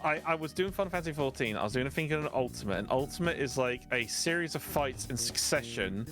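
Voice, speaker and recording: A man's voice: medium pitch, expressive, quick pace, over music. A man with a British accent, a streamer guest in a casual interview chat, telling stories and laughing easily. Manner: chatty storyteller, laughs easily.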